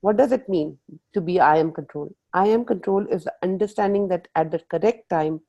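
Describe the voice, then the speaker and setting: Woman facilitator, mellow tone, playful group coaching, mixes Hindi in. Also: fairly low pitch, brisk, dull audio. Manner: lively, playful, asks the group questions, mixes in Hindi phrases. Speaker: workshop facilitator. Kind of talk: live coaching talk on a video call.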